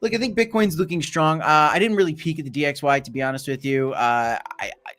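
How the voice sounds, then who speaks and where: A man's voice: on the high side, fast talker, a bit bright. A man hosting a casual crypto livestream, who rambles through market talk with many fillers and restarts. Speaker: crypto channel host.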